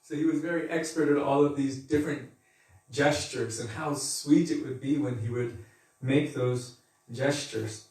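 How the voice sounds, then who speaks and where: A man's voice: mid-range voice, fairly even intonation, measured pace, a little mellow. Man teaching a scripture class, echoey and distant. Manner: conversational, laughs and acts out quotes. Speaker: spiritual teacher giving a class. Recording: echoey room, mic far off.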